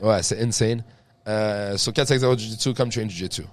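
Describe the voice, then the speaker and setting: A man hosting a podcast, chatting casually, swearing a lot and saying "bro" constantly while telling animated stories. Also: fairly low pitch, fairly quick. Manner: profane, says "bro" constantly, animated storytelling. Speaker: podcast host. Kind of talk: casual chat.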